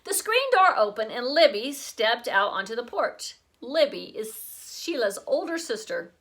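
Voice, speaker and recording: Woman teacher reading a kids' chapter book aloud, high, lively and unhurried, bright tone. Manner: expressive and lively.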